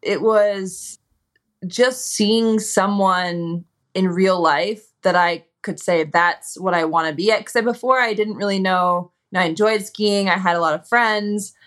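A woman from Minnesota, a guest in an interview, telling stories in a relaxed way with lots of fillers. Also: mid-range voice, measured pace. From Minnesota, USA. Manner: relaxed storytelling with many "you know" fillers and quoted asides. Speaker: guest, retired ski racer. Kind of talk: casual interview chat.

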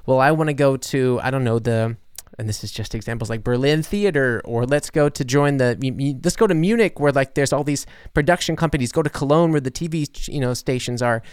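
A man's voice: mid-range voice, brisk, hardly any pauses, clean tone, no room sound, clean studio sound. A man interviewing guests over a video call, asking long rambling questions full of fillers and restarts.

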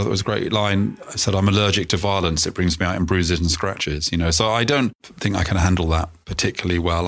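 A middle-aged man, an interview guest, telling stories about himself in a calm, self-effacing way, often stopping to restart. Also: low-pitched. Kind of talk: reflective conversational storytelling.

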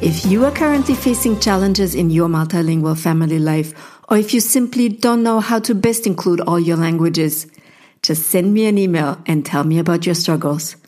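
A woman reading a direct promotional message for her consultations. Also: moderate pace. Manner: warm, direct sales pitch. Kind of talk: promotional read. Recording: music bed underneath.

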